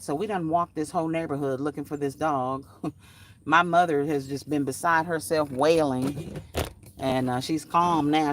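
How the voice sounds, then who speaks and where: A woman's voice: deep voice, far from the mic, a little hiss or hum. A middle-aged woman, chatting casually on a livestream, reading out comments, laughing often and sounding hot and sweaty outdoors. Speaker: craft channel host. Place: outdoors in summer heat.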